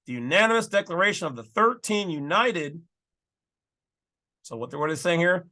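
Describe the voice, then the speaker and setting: A man's voice: sits high, animated, moderate pace, pushed and bright. A man hosting his own channel, casually talking through and reading legal documents with folksy, emphatic asides. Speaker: channel host.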